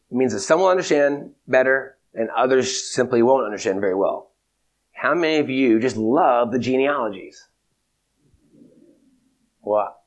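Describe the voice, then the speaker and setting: A man giving a theology lecture in a measured, emphatic way, repeating his key points. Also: medium pitch. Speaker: teacher.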